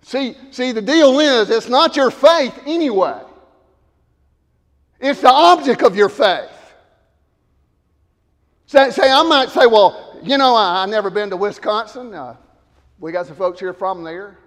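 High-voiced preacher in an echoing hall. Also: male voice, expressive, a little slow, pauses often. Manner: swings from loud shouted emphasis to low quiet asides. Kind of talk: sermon.

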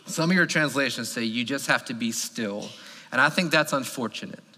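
A man preaching a sermon as pastor, emphatic and animated. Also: mid-range voice, normal speed. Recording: long reverb of a large hall.

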